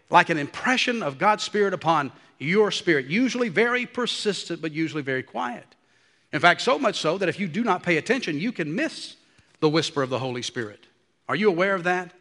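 A man preaching a sermon, animated and dropping to a hush for the quiet passages. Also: a little high, in a large hall.

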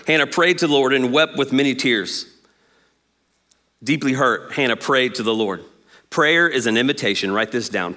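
A man, preaching a sermon as pastor in an animated, jokey way and acting out quotes. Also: medium pitch.

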